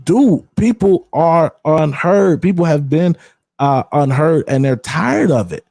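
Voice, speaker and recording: A fairly high-voiced man hosts a podcast in a loose, conversational way. He talks candidly and emphatically, drops slang and often repeats words. The sound is dry and close. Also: animated, slow, creaky, darkish tone, dry recording. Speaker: podcast host.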